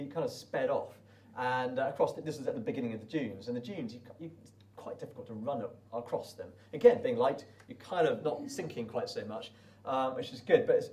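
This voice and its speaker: A man's voice: mid-range voice, a little mellow, far from the mic. A British man, a desert race runner, telling his story in a chatty, rambling way full of restarts. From Britain. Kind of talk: casual spoken recollection.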